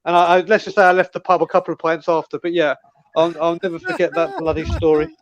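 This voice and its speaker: A man's voice: on the high side, fast. A man from North London with a London accent, telling a laughing anecdote on a casual fan call-in show. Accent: London English. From North London, England. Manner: lively, laughing anecdote teller. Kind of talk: casual storytelling chat.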